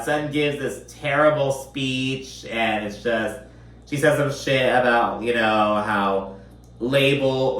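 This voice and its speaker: A man with a mid-range, fairly bright voice recaps a reality TV episode in a casual, profane way, chatty and packed with filler words. The mic sits at a distance in a roomy space.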